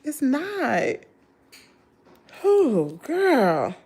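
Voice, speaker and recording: Woman on her livestream, kinda high voice, sassy and fed up, talking right at the chat. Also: huge pitch swings, extremely slow, a little mellow. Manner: sassy, indignant, talks straight to her chat. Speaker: livestream host. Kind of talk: live-stream gossip commentary.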